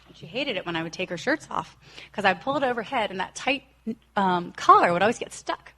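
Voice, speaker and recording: A woman's voice: mid-range voice, animated, fairly quick, a bit bright. Woman telling her recovery story. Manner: earnest storytelling, acts out quoted voices. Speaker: recovery speaker. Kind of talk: personal recovery talk.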